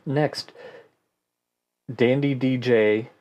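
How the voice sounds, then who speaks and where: A man hosting a casual question-and-answer podcast, answering listener questions in a relaxed way and thinking aloud with fillers. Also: medium pitch, drawn-out words, lo-fi sound. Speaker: host.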